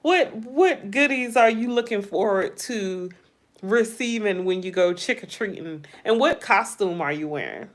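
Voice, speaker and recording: A middle-aged American woman hosts a casual livestream and talks in a slow, unhurried way. Her voice sits at an ordinary middle pitch, and she stretches her words out playfully while she keeps asking her viewers questions. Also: animated. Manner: drawn-out, playful, asks viewers many questions. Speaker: livestream host. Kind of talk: casual livestream chat reading viewer comments.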